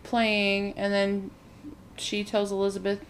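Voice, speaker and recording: Woman, casual chat, lively storyteller, plenty of "like", light background hiss. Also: mid-range voice, takes it slowly. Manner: animated storytelling, acts out characters' lines, frequent "like". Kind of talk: casual chat recapping a movie.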